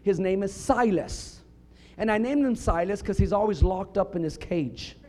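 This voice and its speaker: A middle-aged man preaching a sermon, telling funny stories with punchlines and building up to emphatic shouts. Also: high-pitched, normal speed. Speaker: pastor.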